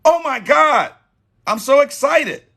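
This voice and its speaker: A man playing a woman bubbling over about her date, speaking high and bright in eager bursts. She sounds giddy and can barely contain herself. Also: slow, gravelly, exaggerated voice. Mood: excited. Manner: gushing, breathless excitement.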